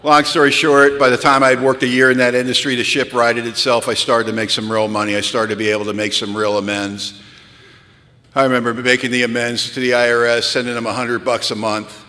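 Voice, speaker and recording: A man with a bright, forceful voice tells a funny, self-mocking story to a crowd. He is animated and rises high for the punchlines. His voice rings out with a long reverb, like a big hall. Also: fairly quick. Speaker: speaker sharing recovery story. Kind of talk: storytelling talk to a live audience. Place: large hall at a retreat.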